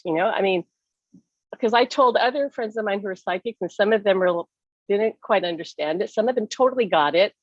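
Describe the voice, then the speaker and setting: A woman's voice: no room sound, dull audio. A woman telling an earnest, emotional personal story in a conversation over a video call. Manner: earnest and emotional, pitch leaps up when reliving distress. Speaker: summit speaker.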